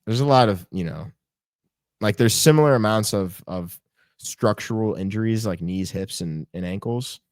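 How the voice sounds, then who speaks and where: A young man with a deep, low voice co-hosts a casual sports podcast. He rambles through his points with fillers and the odd curse word. The sound is dry and close. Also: moderate pace, darkish tone, no echo. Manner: rambling, filler-heavy, profane banter. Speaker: podcast co-host.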